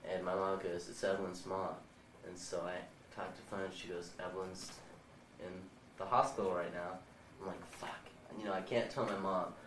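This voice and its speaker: Teen male interviewee, low voice, rambling and crude; distant mic in a roomy, noisy room on old home video. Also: level tone, moderate pace, a bit bright. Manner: rambling and profane. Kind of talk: casual storytelling. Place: indoors in a house.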